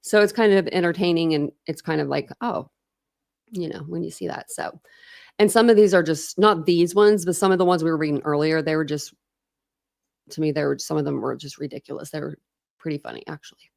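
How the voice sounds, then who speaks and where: A woman's voice: low-pitched, steady tone, a little fast, gravelly, a little mellow. A woman in her thirties hosting a true crime livestream, chatting casually, laughing and greeting viewers by name.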